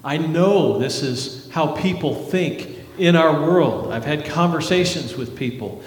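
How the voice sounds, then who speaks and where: A man's voice: on the high side, expressive, measured pace. A man preaching a sermon as pastor, earnest, with rising emphasis and dramatic drops in voice. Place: church sanctuary. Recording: echoey hall reverb.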